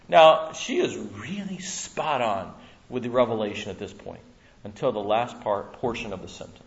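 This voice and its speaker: A man preaching a Bible-teaching sermon in an animated way, acting out voices and laughing often. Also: fairly low pitch, fairly quick. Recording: muffled lo-fi recording.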